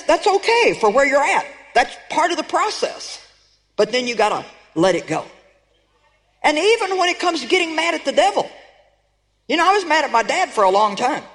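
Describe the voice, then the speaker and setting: Older lady preacher, fired up and emphatic, big echoey hall sound. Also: high voice. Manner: emphatic, animated, rallying the audience. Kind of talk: sermon. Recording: reverberant hall.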